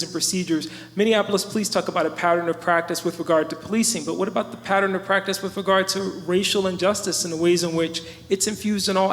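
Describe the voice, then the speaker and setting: A man speaking on stage with passion, rhetorical and preacherly, building his points in lists. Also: high-pitched. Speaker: panelist at a live storytelling event. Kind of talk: impassioned public speaking. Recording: reverberant hall.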